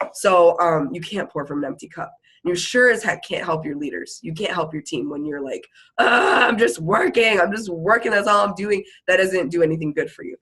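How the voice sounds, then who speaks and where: A woman giving an energetic motivational talk to her sales team, chatty and quick in bursts. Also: fairly low pitch, breathy edge, poor audio. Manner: fired-up, chatty, fast bursts, frequent "like" and "literally". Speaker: network marketing team leader. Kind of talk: motivational live video talk.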